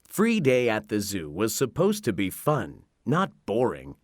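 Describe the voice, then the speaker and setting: Slow, expressive male storybook narrator. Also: fairly low pitch, no echo, clean studio sound. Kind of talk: scripted narration.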